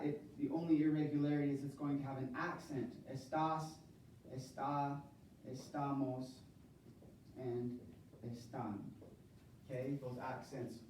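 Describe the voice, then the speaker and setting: In a noisy university classroom, a man with a medium-pitched voice drills Spanish verb conjugations, his students calling answers back to him. The recording is echoey and captured from a distance.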